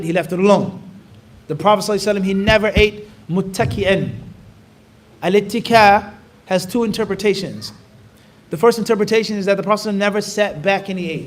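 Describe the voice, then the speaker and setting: A man gives a religious lesson in a lively, animated way, slipping into voices for everyday scenes. His voice sits high and his words tumble out fast. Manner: animated, acts out dialogues, recites Arabic rapidly. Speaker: Islamic teacher. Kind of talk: religious lesson with acted examples.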